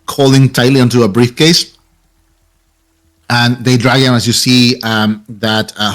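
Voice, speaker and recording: Halting young man narrating a tabletop game. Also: mid-range voice, low-quality recording. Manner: halting, many fillers and restarts. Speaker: game master.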